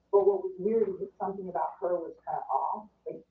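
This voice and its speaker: A woman's voice: on the low side, brisk. A woman guest in a casual interview, telling a story in a chatty way, full of "like" and acted-out quotes. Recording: distant, roomy, phone-like sound.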